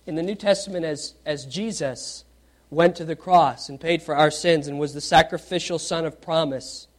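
Preaching to his congregation, this man reads from scripture and questions the listeners, shifting from loud, lively questioning to quiet emphasis. His voice sits on the high side, at a moderate pace.

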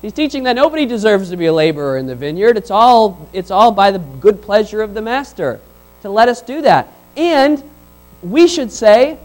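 A pastor with a high voice for a man delivers a sermon. He talks in a conversational, animated way and briefly acts out the people he describes. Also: moderate pace, rough recording.

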